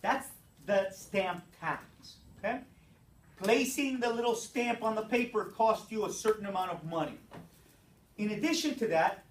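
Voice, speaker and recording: A teacher giving a brisk classroom lecture, explaining step by step and checking in with the students. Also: mid-range voice. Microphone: distant room mic. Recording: echoey classroom from far off.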